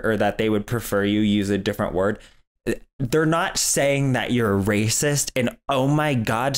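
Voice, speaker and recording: A man's voice: fairly low pitch, clear, resonant tone. A man hosting a reaction commentary, talking in an exasperated, sarcastic, lecturing way. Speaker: commentary host.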